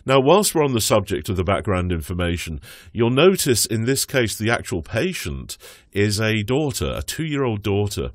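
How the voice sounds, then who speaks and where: A man tutoring for a medical English speaking exam, explaining in a measured, instructive way with some fillers. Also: on the low side, very animated, dry recording, clean studio sound. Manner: acts out doctor and patient lines in his own voice. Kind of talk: exam prep lesson.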